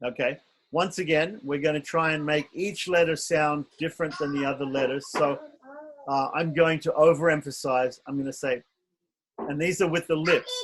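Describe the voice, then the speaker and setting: A man's voice: on the high side, noisy background. A man teaching pronunciation in an online class, patiently drilling and overemphasizing each syllable. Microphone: video call.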